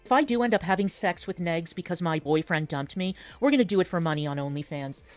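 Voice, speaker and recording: Woman with a lowish voice, sarcastic chat, faint music underneath. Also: animated, quick pace, darkish tone. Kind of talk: chat on a played stream clip.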